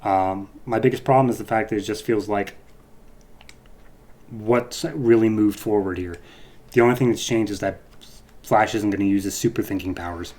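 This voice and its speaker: A man's voice: fairly low pitch, normal speed, long pauses, darkish tone. A man who reviews comic books, giving a loose, rambling podcast recap full of asides.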